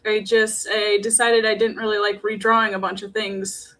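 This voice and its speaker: A woman with a Wisconsin accent, a comic artist guest talking in a soft, hesitant way. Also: medium pitch, level tone, moderate pace. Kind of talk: casual interview chat.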